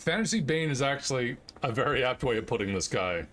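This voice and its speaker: A young man giving excitable, swearing commentary while playing a game live, with sudden yelps at close calls. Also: mid-range voice, fast talker.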